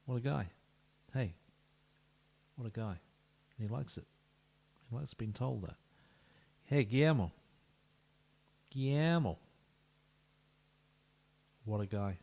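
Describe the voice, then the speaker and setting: In his live-streamed commentary on a football management game, a man speaks slowly and expressively in a gravelly, mid-range voice with a darkish tone, pausing often. He addresses each player playfully and regularly drops to a whisper.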